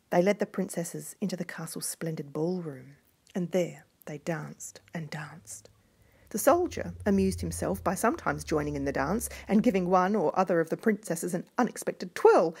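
Hushed, husky woman reading a fairy tale. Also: sits low. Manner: hushed, often dropping to a whisper. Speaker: storyteller.

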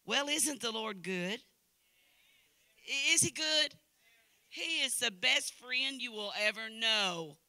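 Guest preacher, woman in her 60s, folksy and chatty, very bright voice, dry close sound. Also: fairly high pitch, animated, takes it slowly, pauses often, dry recording. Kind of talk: sermon with personal anecdotes. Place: church.

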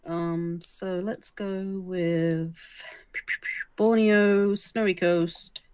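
A woman's voice: on the low side, fairly even intonation, extremely slow, a little mellow, clean tone. A woman chatting casually as a guest gamer over an online voice call, patiently explaining the matchmaking. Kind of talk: casual gaming chat.

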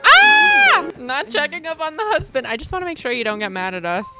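A young woman giving casual, chatty commentary while playing a life-sim game, excitable and quick to shriek and laugh. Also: sits high, music in the background. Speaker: gaming streamer. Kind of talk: casual Let's Play commentary.

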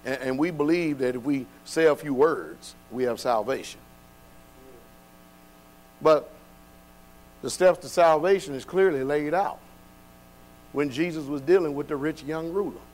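A man preaching a sermon, dropping to quiet, low passages and then building to loud, shouted exhortation. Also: measured pace, pauses often, rough recording.

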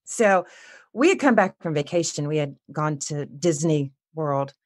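A woman's voice: sits low, lively intonation, unhurried, darkish tone, no room sound, clean studio sound. A woman who works as an audiobook narrator, speaking as a guest in a chatty, self-amused way. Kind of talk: casual interview chat.

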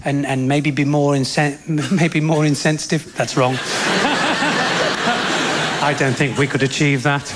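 A man doing a bawdy stand-up routine, breaking into exasperated, high-pitched rants. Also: little pitch movement, unhurried, long pauses. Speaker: stand-up comedian. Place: theatre stage with a laughing audience. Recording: live theatre recording with loud audience noise.

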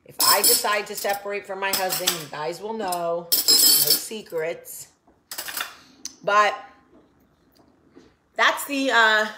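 A woman's voice: mid-range voice, pushed and bright, reverberant. A woman, hosting a casual chat to camera in a rambling, blunt, swearing way in her kitchen. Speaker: vlogger, show host.

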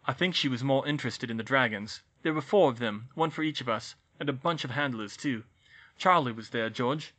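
A man voicing an anxious teenage boy wizard in an audiobook reading, hurried and worried. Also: mid-range voice, fairly bright tone, natural voice. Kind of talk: audiobook reading of fan fiction.

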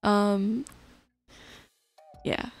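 A woman chatting to her stream viewers at an unhurried pace. She is relaxed and laughs often as she answers their messages. Soft music plays quietly behind her. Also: mid-range voice. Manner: reads and answers chat messages. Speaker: live streamer. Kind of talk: casual chat with viewers.

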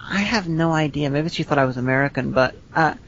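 A woman from Northern Ireland with a Northern Irish accent, co-hosting a podcast in casual chat, rambling with frequent restarts and dry humor. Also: a little fast. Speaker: podcast co-host. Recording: slightly dull lo-fi audio with faint rumble.

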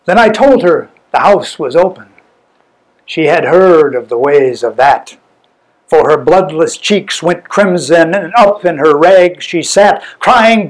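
A man performing a dramatic verse recitation live, theatrical and mournful, with sudden swells and hushes. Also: on the high side, lively intonation, slow pace, rough recording. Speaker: bard, poetry performer.

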